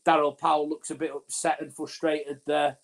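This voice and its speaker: A man's voice: fairly high pitch, flat delivery, moderate pace. A man from Northern England co-hosting a live fan watch-along of a rugby league match, rambling commentary with fillers and restarts. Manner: rambling, talks over his co-host, frequent fillers and restarts.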